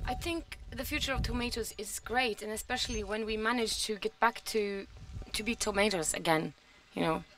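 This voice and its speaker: A woman's voice: mid-range voice, normal speed, few pauses, fairly bright tone. A woman from Norway, a festival guest, chatting casually and speaking thoughtfully as she searches for her words. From Norway, Manndalen. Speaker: festival guest, performance crew member. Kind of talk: casual chat.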